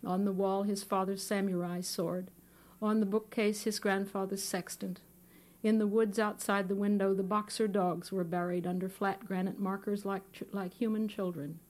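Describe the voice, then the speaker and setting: A woman author reads her fiction aloud at a bookstore event, her voice at a plain middle pitch. She takes the lines in a measured, unhurried way. She speaks into a microphone. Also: flat delivery, a little mellow. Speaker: author reading her own work. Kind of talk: live fiction reading. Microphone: microphone on a stand.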